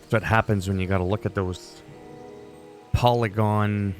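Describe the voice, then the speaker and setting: A gaming YouTuber whose first language is French rants loosely through his gameplay, opinionated and swearing freely as he wanders between tangents. His fairly low voice holds a steady tone at a moderate pace, with faint game music quietly behind him.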